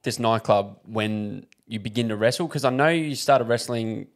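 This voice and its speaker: A man's voice: fairly low pitch, normal speed. A man hosting a casual interview and asking easygoing questions. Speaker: interview host.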